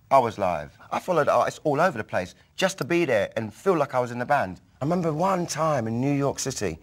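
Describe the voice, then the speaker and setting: A man with a London accent recounts his younger years for a documentary, and his pitch rises and falls freely. He is animated, and his voice climbs higher and louder whenever he plays out a memory. His voice sits in a middle register for a man. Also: brisk, hardly any pauses. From North London, England. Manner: animated storyteller who bursts higher and louder when acting out quotes. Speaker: photographer recalling his youth. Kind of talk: documentary storytelling.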